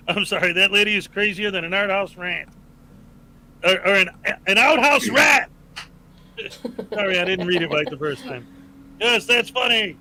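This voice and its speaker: Hosting a laid-back livestream, this man reads out donations, thanking supporters and getting viewers excited, with plenty of chatter and laughter. His voice is high and his pace moderate, broken by long pauses, with background noise audible.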